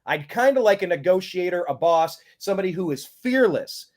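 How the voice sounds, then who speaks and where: A man hosting a casual political talk show, giving emphatic, animated opinions. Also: high voice, fairly quick. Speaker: host.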